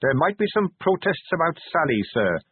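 An earnest young male watch captain, polite and eager, as a male narrator puts him on. The voice sits higher than the narrator's own, lively in its rises. It sounds husky and dry, squeezed through tinny narrow-band audio. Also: brisk. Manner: respectful and eager, says sir.

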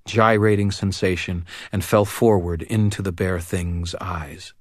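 A man narrating a first-person fantasy audiobook in a measured, wry delivery. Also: deep voice, dry recording, clean studio sound.

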